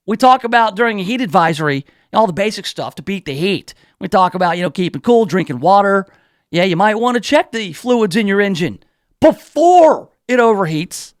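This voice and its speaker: Male talk radio host with a high pitch, dry close mic; rambling, self-deprecating storyteller. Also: animated, normal speed, no room sound. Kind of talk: casual talk radio monologue.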